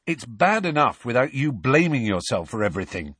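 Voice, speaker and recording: A man gives a frustrated teenage boy a testy, bitter voice close to his own. The tone is husky and lively, in a dry, close reading. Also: fairly low pitch, slow, no room sound, full character voice.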